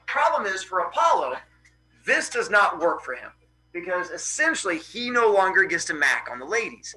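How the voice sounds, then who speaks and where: A man's voice: high-pitched, big pitch swings, moderate pace, pushed and bright, poor audio. A male teacher in a classroom retelling a Greek myth in a casual, joking, slangy way and answering students.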